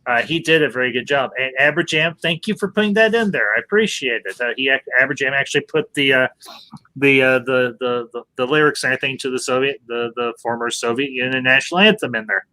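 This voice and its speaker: A man's voice: mid-range voice, quick pace, sharp tone. A man hosting a casual movie review chat, emphatic and restarting his words often. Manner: emphatic, keeps saying "I'll say this"; frequent word restarts. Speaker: host.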